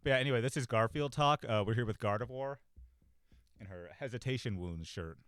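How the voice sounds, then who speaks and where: Man, casual rambling host, profane, lots of fillers, bright tone, cheap close mic. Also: medium pitch, brisk, clear, resonant tone, dry recording. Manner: rambling, profane, self-deprecating, many fillers. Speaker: podcast host. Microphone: cheap desk mic, close.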